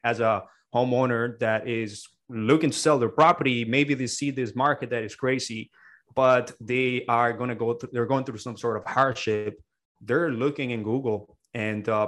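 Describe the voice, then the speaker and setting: A man's voice: medium pitch, fairly bright tone. A man as a podcast guest, explaining in an earnest, casual way. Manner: earnest, explains with many fillers and restarts. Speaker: podcast guest, agency owner. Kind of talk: casual interview talk.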